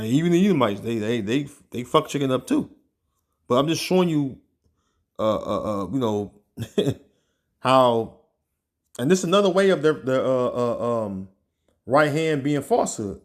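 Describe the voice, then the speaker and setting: A man's voice: medium pitch, animated. A man giving informal religious teaching, talking loosely with many fillers and reading passages aloud as he searches for them. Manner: casual, peppered with "man" and "all right"; reads scripture and news aloud, pausing to search. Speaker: online preacher.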